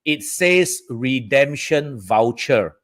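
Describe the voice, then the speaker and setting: A man's voice: medium pitch, animated, slow. A man from Southeast Asia giving a live-streamed talk on feng shui to his audience. He keeps the tone chatty, dropping frequent "okay, guys" and "all right" check-ins between points. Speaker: feng shui teacher hosting a live session.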